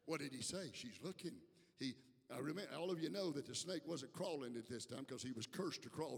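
Fervent preacher with a husky, gravelly voice. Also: male voice, on the high side, long reverb tail. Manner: fervent call-and-response preaching that swings from quiet asides to shouts. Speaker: bishop preaching. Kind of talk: sermon. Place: church sanctuary.

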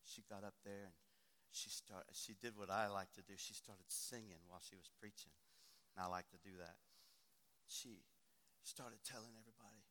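A man preaching a sermon, swinging from quiet talk to shouting. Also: lowish voice, normal speed. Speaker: pastor. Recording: long hall reverb.

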